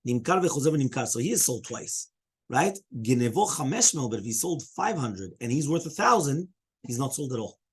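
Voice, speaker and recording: A man's voice: mid-range voice, sing-song, brisk, breathy edge. A man who is a rabbi leading a Talmud study class, explaining step by step, fielding students' questions and often checking in with "right?".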